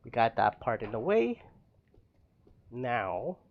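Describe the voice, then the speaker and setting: A man's voice: medium pitch, big pitch swings, slow, vocal fry, narrow, tinny audio. A man streaming a building game, rambling to himself with frequent laughs as he plays. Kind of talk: casual gameplay commentary.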